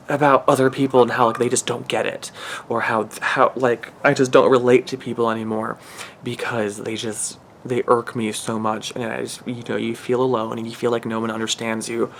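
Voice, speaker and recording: Man, spiritual reader, gravelly voice, earnest and emotional, rambling, faint background hum. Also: medium pitch. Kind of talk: channeled angel reading.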